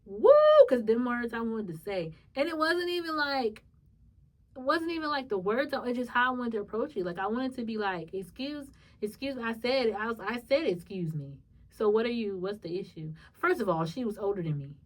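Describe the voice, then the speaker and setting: A young woman, hosting a podcast and telling a personal story in a lively, animated way. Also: fairly high pitch, normal speed, far from the mic. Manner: lively, animated retelling with acted-out quotes and laughs. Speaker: podcast host. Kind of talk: casual storytelling monologue.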